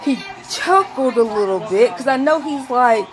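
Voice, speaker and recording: A woman telling a rambling story to camera, acting out quotes in a high voice. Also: animated, fairly quick, hardly any pauses, background noise. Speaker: vlogger.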